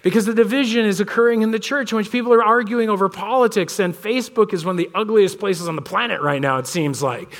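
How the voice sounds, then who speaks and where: With a high voice and barely a pause, a fast-talking pastor in his thirties preaches in a church sanctuary. He spins relaxed, chatty anecdotes about his kids, voicing them in a lively way.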